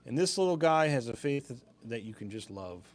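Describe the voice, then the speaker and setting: A man's voice: medium pitch, very animated, normal speed. A young man hosting a live-stream sale, chatting casually with easy laughs and rambling asides.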